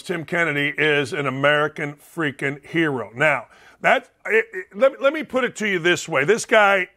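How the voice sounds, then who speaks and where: A man's voice: high voice, bright, forceful tone. A middle-aged man from Indiana hosting a sports talk show, blunt and fired up, repeating phrases for emphasis. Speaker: sports radio host. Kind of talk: opinionated talk show monologue.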